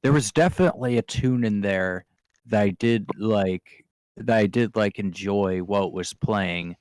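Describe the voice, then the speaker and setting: A man with a fairly low voice hosts a casual podcast chat. He speaks haltingly, pausing to search for his words. The sound is dry and close. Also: darkish tone, dry recording.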